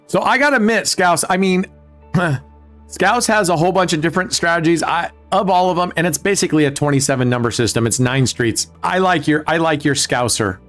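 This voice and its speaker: A man's voice: fairly high pitch, fairly bright tone. A man hosting a live casino stream, chatting casually with viewers, joking and swearing. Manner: joking, profane, talks to chat viewers. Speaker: livestream casino host. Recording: faint music behind.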